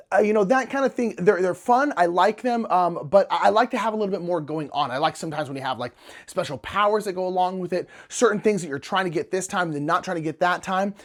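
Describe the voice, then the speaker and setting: A man casually and enthusiastically reviewing board games in a chatty vlog, with plenty of fillers. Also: high-pitched.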